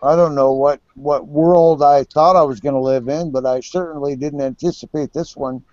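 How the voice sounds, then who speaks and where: A man's voice: on the high side, steady tone, normal speed, a little mellow, no room sound. A man in his fifties talking casually, bitter and profane, often stammering and repeating words. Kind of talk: casual chat. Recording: dull lo-fi recording.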